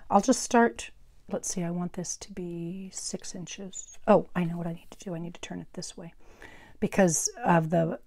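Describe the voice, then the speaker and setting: A middle-aged woman with a naturally loud voice hosting a craft tutorial, chatting through each step with asides and self-corrections on a wearable mic at her workstation. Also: fairly low pitch, no room sound. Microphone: wearable microphone.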